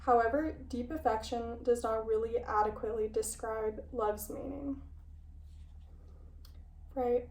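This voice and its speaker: A woman's voice: on the high side, fairly even intonation, measured pace, long pauses, darkish tone, far from the mic. A young woman talking casually in a video essay and reading passages aloud. She chats and interrupts herself with playful asides, and she sounds a little out of breath. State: slightly out of breath. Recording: echoey room, voice a bit off-mic.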